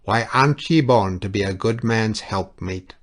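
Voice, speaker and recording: A man's voice: on the low side, normal speed, close to an everyday voice. A man reading the part of an earnest, fatherly old priest, speaking in an exclaiming, pleading way.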